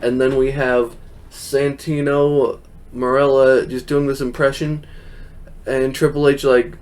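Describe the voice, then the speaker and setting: A man's voice: medium pitch, level tone, unhurried, darkish tone. A young man hosting a podcast, recapping a show in casual, rambling chat, laughing often and quoting people in silly voices. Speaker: podcast host.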